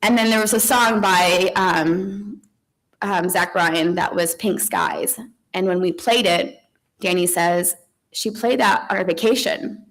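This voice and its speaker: A woman in her forties, a grieving mother giving a eulogy at a funeral home, halting with soft laughs, sighs and restarts. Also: on the low side, rough recording.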